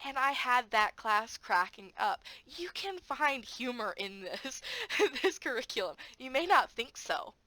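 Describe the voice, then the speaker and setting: Her voice sits on the high side and moves at a measured pace, captured in poor audio without echo. She teaches English online and chats about her classes in a friendly advice vlog, dropping frequent fillers and playfully acting out moments with sound effects.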